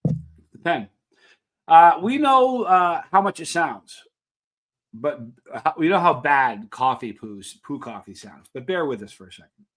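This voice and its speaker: Male host, somewhat high voice with lively swings in pitch, playful aside-filled countdown delivery. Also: measured pace. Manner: playful, asides and rhetorical questions to viewers. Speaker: channel host. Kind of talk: casual countdown commentary.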